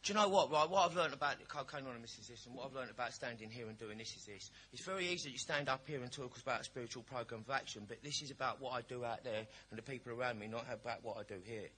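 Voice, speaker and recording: A man's voice: mid-range voice, racing, few pauses, pushed and bright. Man sharing a blunt, jokey recovery story. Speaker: recovery meeting speaker. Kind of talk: personal recovery share.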